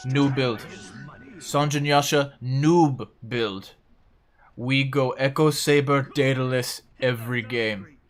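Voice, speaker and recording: A man's voice: medium pitch, steady tone, slow, lightly acted. A man putting on a Russian accent to voice a blunt male gamer who speaks in clipped, broken phrases. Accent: Russian, imitated.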